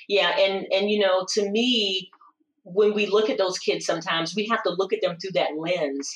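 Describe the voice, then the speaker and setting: A woman's voice: fairly low pitch, recorded from a distance. Roomy, off-mic woman telling her story. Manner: warm, expressive, lots of restarts and "you know". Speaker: interview guest. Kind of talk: reflective personal storytelling.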